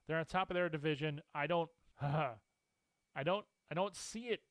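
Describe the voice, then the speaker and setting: A man co-hosting a casual sports talk show, animated and opinionated, laughing often as he makes his picks. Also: fairly high pitch, moderate pace, dry recording. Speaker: co-host.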